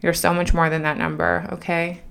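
Earnest low-voiced woman giving a pep talk. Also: little pitch movement, moderate pace, gravelly, smooth. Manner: earnest, emphatic, repeats phrases for emphasis. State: emotional, has been crying. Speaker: podcast host.

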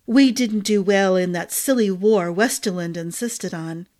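A woman's voice: mid-range voice, measured pace, a little mellow, natural voice. A woman voicing a gossipy, motherly head cook who talks with emphatic fondness.

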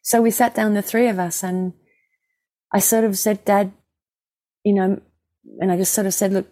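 A woman who works as a mediator, gently and reflectively telling a personal story in an interview. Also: medium pitch, steady tone, moderate pace.

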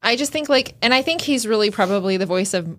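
A woman's voice: mid-range voice, lively intonation, quick pace, fairly bright tone. A woman co-hosting a podcast in casual chat, speaking frankly and emphatically with some restarts. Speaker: podcast co-host.

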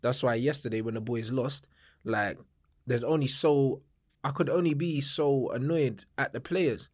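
A young man with a London accent, talking in a relaxed, slang-heavy way. His voice is mid-pitched and plainly recorded, close and dry with no room sound. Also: a little slow, husky, no echo. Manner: laid-back London slang, says "blood" and "bruv" often. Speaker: podcast guest, club owner. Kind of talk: casual podcast chat.

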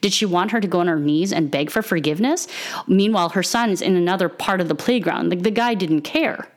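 Animated middle-aged woman telling a story. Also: a little fast. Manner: animated, acts out the voices in her story with big pitch jumps. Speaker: mother telling a personal story. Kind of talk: casual storytelling monologue.

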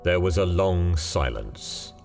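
A man narrating a ghost story in a measured, dramatic storytelling manner. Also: sits low, expressive, vocal fry, darkish tone. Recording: long hall reverb, faint music.

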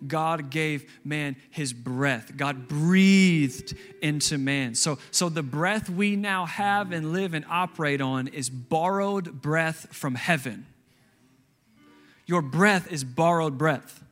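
A man's voice: fairly high pitch, slow pace, a bit bright, faint music behind. A man pastor preaching a sermon, emphatic and repeating key phrases for stress.

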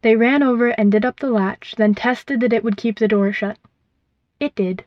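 A woman reading a storybook aloud in a gentle, measured, vivid way, in a dull, dry recording. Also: on the high side, steady tone, no echo. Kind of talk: scripted storybook narration.

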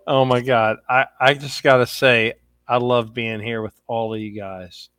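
A man's voice: mid-range voice, steady tone, a little slow, a bit bright, clear, resonant tone, no room sound, studio quality. A man guest-hosting a casual podcast, affectionate and a little tipsy. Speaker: guest host. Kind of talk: casual chat.

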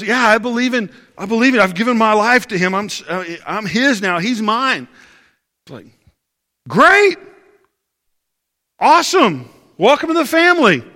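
Bright-voiced pastor preaching in a hall. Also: male voice, high voice. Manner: conversational storytelling with rhetorical questions. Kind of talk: sermon. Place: church service.

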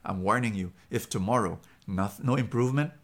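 A man doing a grave, low-voiced vet. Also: a little fast, close to an everyday voice. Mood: grim. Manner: somber, warning, low-key. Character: grave male country veterinarian.

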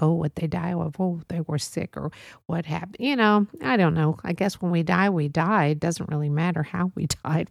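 A woman's voice: on the low side, creaky, no echo, clean studio sound. A woman hosting a solo podcast, talking casually in a rambling, musing way with many fillers and restarts. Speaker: podcast host.

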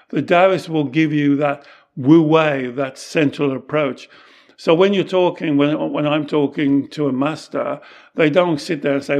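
A man's voice: a little high, moderate pace. A man who is a Taoist monk, co-hosting a podcast and explaining teachings in an earnest, reflective way, often acting out quoted dialogue.

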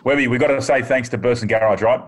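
A man's voice: medium pitch, steady tone, fast, husky. A man with an Australian accent hosting a casual podcast, laid-back and matey. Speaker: podcast host.

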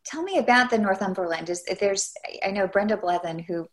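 A woman's voice: medium pitch, a little fast. A woman interviewer asking curious questions and affirming answers, with stumbling restarts.

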